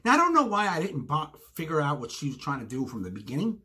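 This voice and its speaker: Animated, exasperated man ranting. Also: on the high side, fast. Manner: exasperated storytelling, with many asides. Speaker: podcast co-host. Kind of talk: ranting solo monologue. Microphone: self-recorded video.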